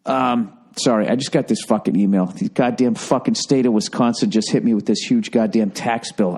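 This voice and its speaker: A man's voice: lowish voice, fairly even intonation, moderate pace, hardly any pauses, a little mellow. A man in his forties, hosting his own podcast and ranting with heavy profanity and sarcasm in a casual solo monologue. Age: 40s. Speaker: podcast host.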